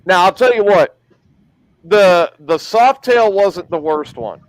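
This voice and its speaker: A man with a notably high voice spins a rowdy, swear-filled yarn, laughing along as he goes. The sound is close and dry, with no room around it. He sounds like a regular on a casual talk show. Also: expressive, slow pace, no room sound, rough recording. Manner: profane, rambling storyteller who laughs at his own stories. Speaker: podcast host. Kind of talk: casual storytelling chat.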